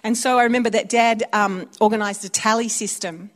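A woman's voice: fairly high pitch, steady tone, a little fast. A woman preaching a conversational sermon, telling stories and acting out little voices. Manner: chatty, storytelling, acts out voices.

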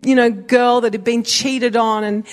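A woman preaching, telling a friend's conversion story with animated energy and laughter. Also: on the high side, unhurried. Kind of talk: sermon storytelling.

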